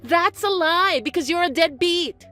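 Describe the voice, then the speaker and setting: A woman's voice: very high voice, measured pace, bright, forceful tone, faint music behind, voice pushed up, heavily acted. A woman voicing an entitled, greedy young sister-in-law in a dramatized text-message story. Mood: scornful. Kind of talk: texting-story dialogue reading.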